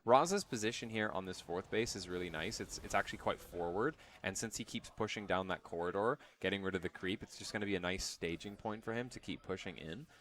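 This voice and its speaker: A young man with a notably deep, low voice calls a live esports match. His delivery is chatty and easygoing, full of fillers and self-deprecating asides. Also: fast talker, few pauses, a bit bright, slight background noise. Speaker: esports caster. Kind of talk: live game commentary.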